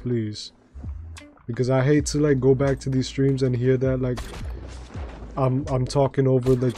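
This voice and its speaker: A man with a slightly raspy voice, chatting casually with his viewers while streaming a game, rambling with lots of fillers and restarts. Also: mid-range voice, dark tone. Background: faint background music.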